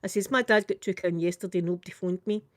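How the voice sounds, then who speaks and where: An older Scottish woman vlogs a casual, chatty story, animated and quick, repeatedly saying "I says" as she recounts a conversation. Her middle-pitched voice is recorded close and dry with no room sound.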